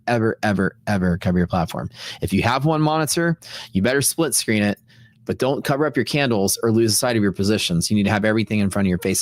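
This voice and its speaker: A man's voice: on the low side, no room sound. A man hosting a casual livestream, rambling and repeating himself for emphasis, on a close studio mic in a sound-dampened room. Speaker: livestream host. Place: sound-dampened home streaming room with fiberglass panels. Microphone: close studio dynamic mic.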